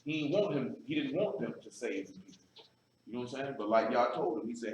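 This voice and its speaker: A man's voice: mid-range voice, expressive, quick pace. A man preaching a blunt, emphatic sermon in casual street talk, often asking "you know what I'm saying". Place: assembly room. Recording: echoey room, speaker far from the mic, faint noise.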